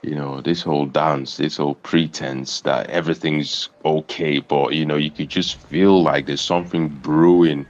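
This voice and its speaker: A man with an extremely deep voice, heard through dull, lo-fi audio. He muses slowly and haltingly, restarting phrases and trailing off as he works out his thoughts in a casual chat. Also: steady tone. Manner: halting and reflective, trailing off and repeating himself. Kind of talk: casual late-night chat.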